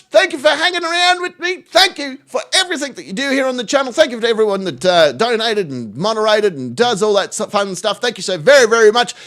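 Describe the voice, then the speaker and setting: A man's voice: very high-pitched, lively intonation, quick pace, few pauses, fairly bright tone. A man hosting a live stream, chatting casually and telling jokes, often swearing. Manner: sweary, joking storyteller.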